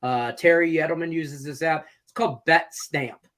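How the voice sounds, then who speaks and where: A man's voice: fairly high pitch, moderate pace, fairly bright tone. A middle-aged man co-hosting a sports betting show, chatting in a laid-back, rambling, jokey way. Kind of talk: casual sports betting chat.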